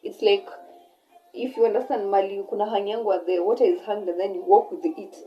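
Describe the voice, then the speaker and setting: A young woman with a Kenyan accent telling a personal story in a casual, animated way, switching between English and Swahili mid-sentence. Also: medium pitch, a little fast, highs cut off, soft background music. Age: young adult. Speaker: vlogger.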